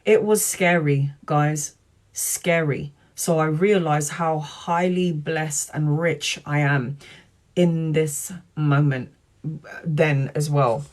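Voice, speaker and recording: A woman tarot reader talking earnestly to viewers on a live stream, in a chatty, warm-hearted way. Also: low-pitched, steady tone, slow pace. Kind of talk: live-stream spiritual talk.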